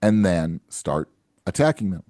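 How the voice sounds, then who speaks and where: A man with a low, dark voice hosts his own finance show, speaking at a measured pace but very animated, in clean studio sound with no echo. As a financial advisor giving solo podcast talk to camera, he earnestly coaches listeners and often tags lines with "right?" and "okay?".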